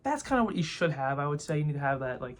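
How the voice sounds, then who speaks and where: A man's voice: fairly high pitch, very animated, fast. A young man ranting to camera in a rambling, heated way, full of filler words and swearing. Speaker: vlogger. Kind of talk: casual opinion rant to camera.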